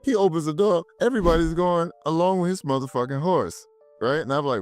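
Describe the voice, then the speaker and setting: A man's voice: a little high, a little fast, a little mellow, faint music behind. Profane man animatedly retelling a film. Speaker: co-host reviewing a film. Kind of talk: casual chat.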